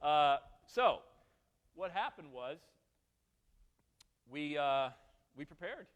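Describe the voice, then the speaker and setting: A man's voice: on the high side, slow, smooth, long reverb tail. A man in his forties from Western New York, a motivational speaker telling a personal story with jokes and asides to the audience. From Western New York, USA. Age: 40s. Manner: animated, joking asides to the audience. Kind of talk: storytelling keynote talk. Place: event hall.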